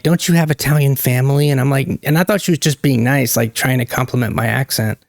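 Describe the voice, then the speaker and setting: A man's voice: medium pitch, gravelly, a little mellow, no echo, studio quality. A man hosting his own channel, talking in a loose, rambling monologue with joking asides that break off and restart mid-thought. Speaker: channel host. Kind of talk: casual monologue.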